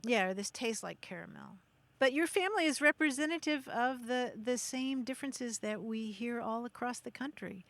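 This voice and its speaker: A woman's voice: a little high, normal speed, hardly any pauses, a bit bright, dry recording. A woman co-hosting a radio call-in show, friendly and asking callers questions.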